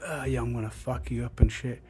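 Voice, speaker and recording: A man's voice: mid-range voice, steady tone, brisk, warm tone, a little hiss or hum, close to an everyday voice. A man voicing a big, aggressive stranger who wants to pick a fight. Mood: threatening. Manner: menacing, confrontational.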